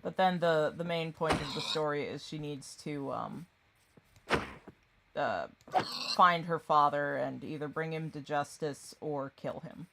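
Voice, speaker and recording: A woman's voice: sits low, unhurried, creaky, heavy background noise. A woman streaming a game, chatting casually and rambling, often distracted. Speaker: gaming streamer. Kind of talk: casual chat while gaming.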